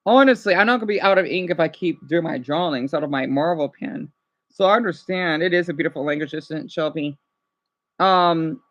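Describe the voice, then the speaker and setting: Bright-voiced man rambling casually. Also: high voice, highs cut off. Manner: rambling and hesitant, many restarts. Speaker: livestreamer answering chat. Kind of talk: casual livestream chat.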